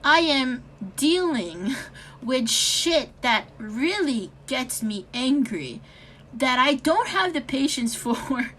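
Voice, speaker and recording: High bright-voiced American woman venting. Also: very animated, slow. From United States. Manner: frustrated, heavy swearing, sighs, mixes in Tagalog words. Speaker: vlogger. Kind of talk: ranting vlog.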